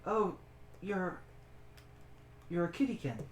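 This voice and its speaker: A game master voicing a soft-spoken, weary fey woman who talks quietly and politely. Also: medium pitch, expressive, slow, roomy sound, a little hiss or hum. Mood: wistful.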